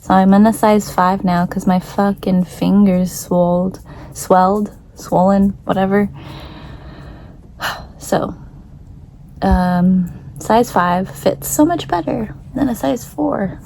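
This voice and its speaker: A woman's voice: medium pitch, steady tone, slow, vocal fry, dark tone, a little hiss or hum, low-quality recording. Chatty young woman vlogging at home. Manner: chatty, self-deprecating, apologetic asides. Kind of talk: casual vlog chat to camera.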